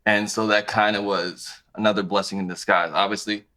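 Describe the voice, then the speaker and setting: A man in his thirties, a podcast guest talking about his clothing brand in a relaxed, conversational way. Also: on the low side, a little fast. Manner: relaxed, conversational, thinks aloud with restarts. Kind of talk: casual interview chat.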